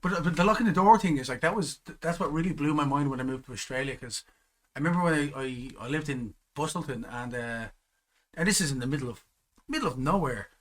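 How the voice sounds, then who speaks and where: Fast-talking man telling lively stories. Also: on the high side. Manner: animated storyteller who acts out quoted exchanges. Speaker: podcast host. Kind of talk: casual chat.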